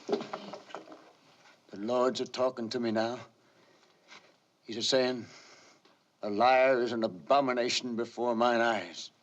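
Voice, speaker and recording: An actor playing a menacing preacher who hunts children, drawling slow, preachy threats in a 1950s film scene, heard on dull archival sound. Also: male voice, medium pitch, fairly even intonation, a little hiss or hum, lightly acted. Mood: preaching.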